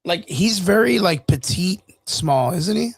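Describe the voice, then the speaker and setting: A man co-hosting a casual podcast chat, animated and quick to laugh, swearing freely. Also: high-pitched, gravelly, breathy edge, no room sound. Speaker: podcast co-host.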